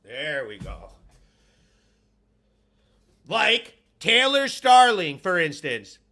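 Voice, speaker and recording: A man hosting a live stream on his own, reading out viewer comments and giving shout-outs in a loud, profane, hyped way. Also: sits high, huge pitch swings, extremely slow. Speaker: host.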